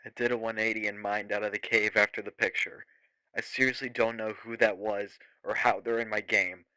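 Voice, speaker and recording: Man reading as an unsettled gamer, flat. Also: fairly low pitch, brisk, clean tone, no echo, low-quality recording. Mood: shaken. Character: unsettled young male gamer posting about his game. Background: music.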